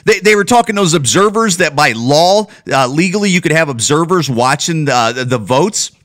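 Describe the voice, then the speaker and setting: Male comedian-host, blunt profane rant, bright voice that swings up and down a lot. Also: on the high side, expressive, moderate pace. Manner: repeats and restarts often. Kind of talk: casual ranting monologue.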